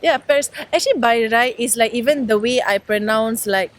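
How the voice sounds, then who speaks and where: A young woman, co-hosting a casual podcast chat and eager to tell her own story. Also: fairly high pitch. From Singapore. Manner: chatty, quick to correct and take over the story. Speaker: podcast co-host. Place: outdoors.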